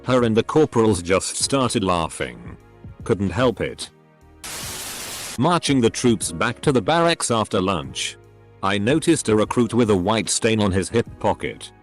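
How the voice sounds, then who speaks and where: Synthetic male storyteller, low-pitched and animated, odd pauses, faint music behind. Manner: synthetic text-to-speech read with odd phrasing and pauses. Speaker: narrator. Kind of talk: scripted narration of online posts. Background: faint background music.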